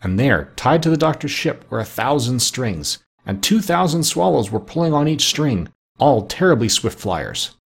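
Husky male narrator, mid-range pitch, expressive steady read-aloud for a storybook.

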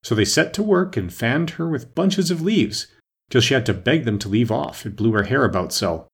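A man reads a storybook aloud with a husky, slightly breathy voice. His intonation rises and falls animatedly between lines, at a mid pitch. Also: animated, brisk. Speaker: narrator.

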